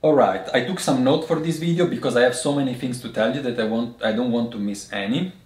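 A man teaching a lesson to camera in a thoughtful, explanatory way, often pausing to find the right word. His voice sits at a middle pitch, and the room adds a noticeable echo. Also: a little mellow. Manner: thoughtful, pauses to find words. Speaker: host teaching Chinese tea words.

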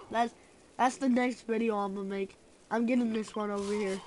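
A woman giving casual gameplay commentary in an excitable, crude way, often laughing and yelling. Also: fairly high pitch, moderate pace, a little hiss or hum. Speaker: gamer.

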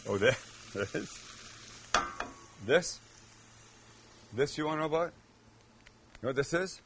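A man's voice: fairly high pitch, lively intonation, slow pace, background noise. A man hosting a cooking show, chatting casually and joking with self-mocking asides as he cooks. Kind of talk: casual cooking demo chat.

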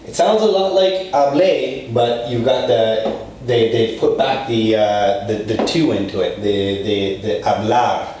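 A man's voice: mid-range voice, measured pace, a little mellow, slight background noise. A man teaching a casual Spanish lesson, explaining loosely and informally with plenty of fillers and the odd swear word. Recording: very echoey room, distant from mic.

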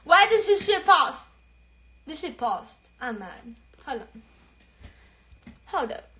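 High-pitched and sing-song, her slow delivery sounds pushed and bright against an echoey room. The young woman, a social media personality, recounts a story on a phone livestream while laughing, swearing liberally, mixing in Spanish, and catching her breath.

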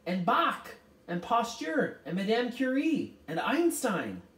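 A woman's voice: mid-range voice, sing-song, normal speed, darkish tone, voice pushed up, natural voice. A woman voicing an earnest teenage boy listing names with rising confidence. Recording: roomy, distant mic.

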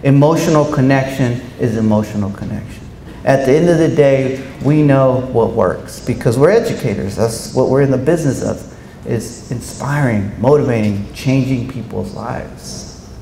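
A man giving a storytelling speech to an audience of educators in a large hall, speaking in an animated way and acting out quoted voices. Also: mid-range voice, normal speed. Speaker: keynote speaker. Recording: echoey hall, faint room noise.

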